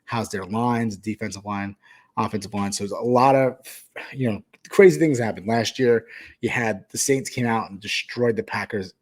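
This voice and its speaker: A man's voice: lowish voice, normal speed. A man hosting a podcast, talking casually through his sports betting picks with frequent fillers and restarts. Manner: rambling, hesitant with many fillers. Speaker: podcast host.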